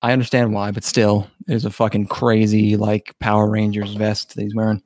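A man's voice: fairly low pitch, completely flat delivery, moderate pace, a little mellow. A man co-hosting a casual anime discussion podcast, laid-back, swearing casually and trailing off with fillers. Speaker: podcast co-host.

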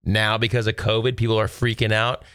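A man with a lowish, smooth, resonant voice talks straight to his viewers in a loose monologue. He rambles and rants in exasperation, full of "uh" and "I mean". The sound is close and dry, with no room around it. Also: completely flat delivery, a little fast, fairly bright tone, no echo. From Texas. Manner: rambling, exasperated ranting with many fillers. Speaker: solo video host. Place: at home.

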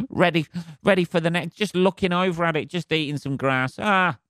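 A man's voice: fairly high pitch, normal speed, a bit bright, no echo, studio quality. A man hosting a podcast, rambling through a sweary, wry comic monologue and often asking for agreement. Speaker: podcast host.

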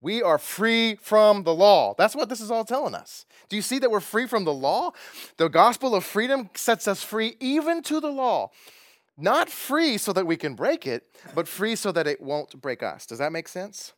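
A man's voice: sits high, sing-song, normal speed, no room sound, clean studio sound. A man preaching a conversational sermon who chuckles often and asks his listeners questions. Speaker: pastor.

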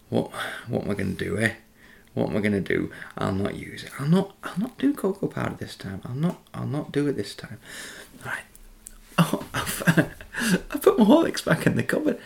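A man in a home kitchen talking through a drink recipe in a soft, chatty, giggly whisper, with cutlery and dishes clattering. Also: mid-range voice, creaky, slight background noise. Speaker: ASMR creator. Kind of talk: whispered ASMR cooking demo. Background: cutlery and dish clatter.

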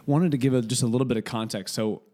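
A man's voice: medium pitch, fairly even intonation, quick pace, a little mellow. Chatty man hosting a podcast. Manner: chatty, rambling with restarts. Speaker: podcast host. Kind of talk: casual podcast chat. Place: kitchen table in a home.

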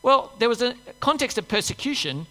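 This woman preacher has a high voice with big pitch swings, a brisk pace and a sharp tone. Her church sermon mixes Bible reading with conversational talk to the congregation and rhetorical questions. A long church-hall reverb colors the recording.

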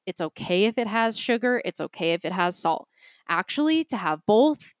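A woman's voice: medium pitch, animated, moderate pace, no room sound, studio quality. A woman with a Boston accent co-hosting a casual podcast chat, giving practical nutrition advice with frequent laughs. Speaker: podcast co-host, nutrition coach.

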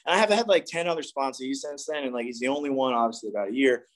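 A man's voice: medium pitch, quick pace. A young man from the East Coast sharing a candid, profane, rambling recovery story with a group. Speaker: recovery meeting speaker. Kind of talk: candid personal testimony.

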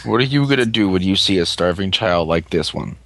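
A man's voice: low voice, animated, a little fast, fairly bright tone, no room sound. A man co-hosting a casual podcast, teasing and heckling the others in a dry way. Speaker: podcast co-host.

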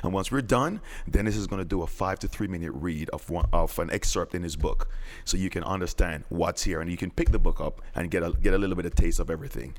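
A male podcast host with a very low voice. He talks steadily and plainly as he introduces segments and draws out his guest. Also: fast talker. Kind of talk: podcast hosting.

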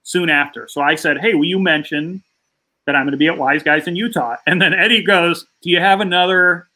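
A man's voice: a little high, a little fast, pushed and bright, rough recording. A man, a stand-up comedian, telling an anecdote as a podcast guest, acting out the voices of the people in it. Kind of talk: casual interview storytelling.

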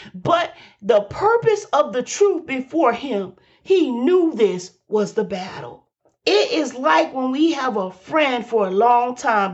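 A woman's voice: high voice, dull audio. A woman preaching a fervent sermon, repeating lines for emphasis and calling out to her listeners. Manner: exclaims and hums between phrases.

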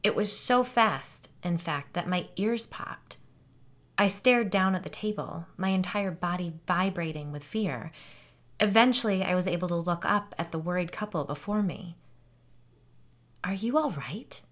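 A woman narrating a first-person audiobook, expressive and dropping low and soft on tense moments. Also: normal speed.

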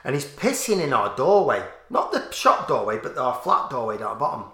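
A man in casual chat, telling a lively, profane story to a friend. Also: medium pitch, a little fast, roomy sound. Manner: animated, swearing, laughing storyteller.

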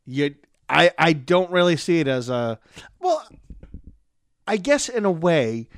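A man's voice: on the high side, slow pace, no room sound, clean studio sound. Jokey man with a wildly swinging voice. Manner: jokey, wildly expressive, riffing. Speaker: podcast co-host. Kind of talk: casual podcast chat.

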